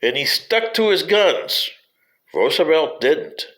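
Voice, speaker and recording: A man's voice: fairly high pitch, big pitch swings, slow pace, fairly bright tone, rough recording. A man giving a rambling spoken history commentary, digressive and wry, sometimes addressing politicians directly.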